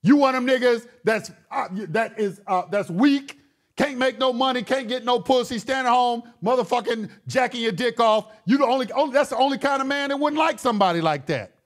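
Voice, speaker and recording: A man's voice: very high voice, fairly quick. A male talk show host delivering a heated, profane monologue, repeating words and restarting his sentences as he gets worked up.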